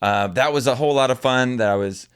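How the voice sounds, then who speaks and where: A man's voice: medium pitch, quick pace, smooth. A young man in his twenties, co-hosting a podcast in casual chat, talking earnestly and reflectively, rambling with fillers. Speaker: podcast co-host.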